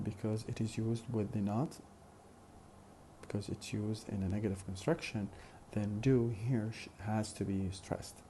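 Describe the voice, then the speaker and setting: With a mellow, gravelly, low voice and fairly level intonation, a man teaches phonetics at an unhurried, careful speed. His explanations are broken by frequent "uh" pauses, and he repeats the example phrases. A soft background hiss sits under it all.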